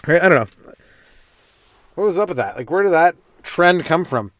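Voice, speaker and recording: A man's voice: on the high side, animated, moderate pace, a bit bright. Rambling, swearing stand-up comic man. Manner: swearing, laughing at his own jokes, jumping into silly voices. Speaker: stand-up comedian and podcast host. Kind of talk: rambling solo comedy riff.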